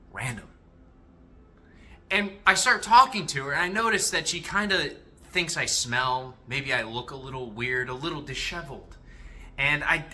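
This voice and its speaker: A man giving a casual motivational monologue to his viewers, animated and freely swearing as he talks to them directly. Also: on the high side. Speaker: self-improvement vlogger.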